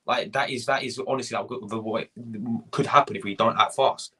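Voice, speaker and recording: A man's voice: lowish voice, steady tone, normal speed, hardly any pauses, sharp tone, husky. A young man hosting a fan live stream, ranting, swearing and repeating himself while greeting viewers from the chat. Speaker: fan channel host.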